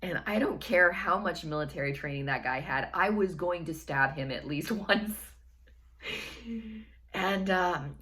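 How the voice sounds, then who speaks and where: A woman's voice: lowish voice, a little slow, fairly bright tone. A woman casually telling a personal story to her viewers, chatty and wry, repeating phrases for effect. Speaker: storytelling vlogger.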